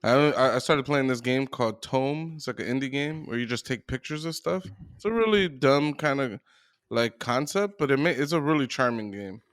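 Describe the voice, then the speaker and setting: A man co-hosts a podcast, chatting casually in a laid-back, rambling and profane way. His medium-pitched voice has lively intonation, a moderate pace and a slightly bright quality. The recording is dry with clean studio sound.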